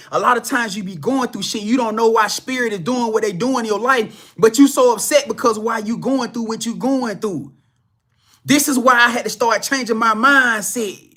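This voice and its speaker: A man's voice: extremely high pitch, sharp tone. A man hosting a spiritual reading channel, telling a story to his viewers in a casual, emphatic, heavily profane way, often repeating himself. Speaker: spiritual reader, channel host.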